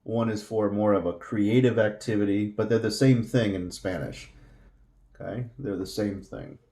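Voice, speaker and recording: Patient male teacher, warm and relaxed tone, repeats words for learners. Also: lowish voice, normal speed, vocal fry, reverberant. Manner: patient, repeats each word several times. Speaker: Spanish teacher. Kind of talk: slow classroom explanation.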